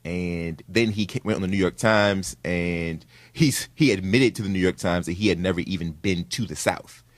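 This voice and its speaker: A lower-pitched man talks loosely and with energy on an author panel, tossing in quick asides and checks with the room. The sound is dry and close. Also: no room sound. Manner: animated, conversational, many "right?" tags. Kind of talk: casual panel talk.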